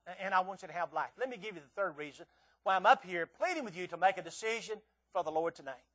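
A man in his sixties delivers a sermon in a high voice, pleading earnestly with the congregation. He often stammers and doubles his words as he presses his point. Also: quick pace, a bit bright. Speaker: visiting preacher.

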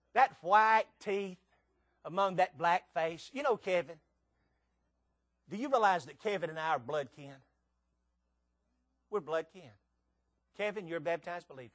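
Preacher guy in his 60s, high voice, goes loud then soft, dry sound. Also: no room sound. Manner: dynamic preaching, swinging from loud to hushed. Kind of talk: sermon.

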